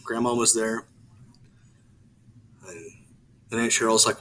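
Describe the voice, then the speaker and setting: A man co-hosting a podcast, rambling in casual chat with many halting restarts. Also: mid-range voice, flat delivery, bright, forceful tone, slight background noise, low-quality recording. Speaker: podcast co-host.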